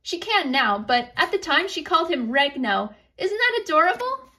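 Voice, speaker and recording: A woman's voice: high-pitched, very animated, normal speed, pushed and bright. A woman telling a story in a casual, chatty way, breaking off for asides to her listeners.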